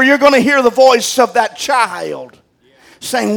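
High-pitched older man preaching fervently. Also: expressive, measured pace, vocal fry. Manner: impassioned preaching, swinging between loud high outbursts and low quiet passages; folksy, plain-spoken. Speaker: pastor. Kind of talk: sermon.

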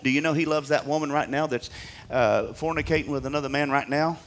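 A man preaching in a church with a folksy, fervent delivery. His voice sits a touch high for a man. He climbs to ringing peaks, then drops to hushed, confiding asides. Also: fast talker. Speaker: pastor. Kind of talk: sermon.

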